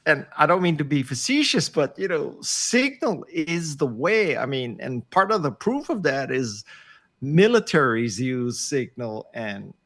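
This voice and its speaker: A man's voice: a little high, big pitch swings, measured pace, fairly bright tone. An older man talking as a guest on a video call, wry and self-deprecating, often emphatic. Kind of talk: casual interview over video call.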